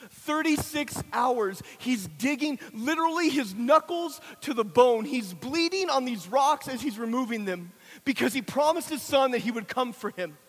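A man preaching a sermon, telling a dramatic story that builds to shouts and then falls to a hushed prayer. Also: extremely high pitch, animated, moderate pace, hardly any pauses. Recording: long hall reverb.

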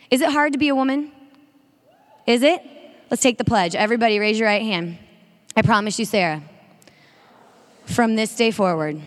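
A woman giving an energetic sermon-style talk to a women's audience, drawing call-and-response. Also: medium pitch. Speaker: speaker at a women's faith event. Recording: long reverb of a large hall.

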